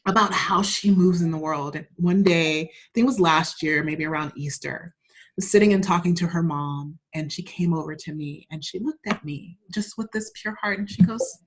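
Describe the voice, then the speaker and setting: A woman's voice: fairly low pitch, normal speed. A woman guest in a casual interview, telling personal stories with frequent laughs and open emotion. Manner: warm, laughing, openly emotional storyteller.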